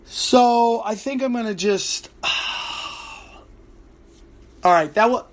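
A man who does stand-up tells a story about his gig in a loose, profane podcast rant. His voice sits high for a man, and he keeps it animated and swearing, full of "like" and restarts. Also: slow. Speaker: stand-up comedian and podcast host. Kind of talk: ranting podcast monologue.

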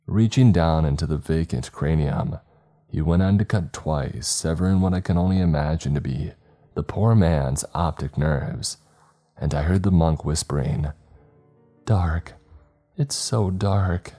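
A man reading a scary story aloud in a slow, measured, grave manner, as the narrator of a horror podcast. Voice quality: very deep, dark voice.

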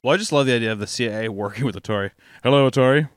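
A man's voice: fairly low pitch, very fast, dry recording, studio quality. A young man chatting casually on a podcast, rambling and joking, acting out quotes. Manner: jokey, rambling, acts out quotes. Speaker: podcast co-host. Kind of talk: casual chat.

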